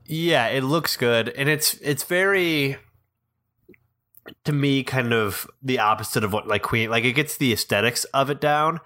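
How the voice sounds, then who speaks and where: A man's voice: medium pitch, measured pace, pushed and bright. A man co-hosting a casual film discussion, blunt and opinionated, often trailing off and rephrasing mid-thought.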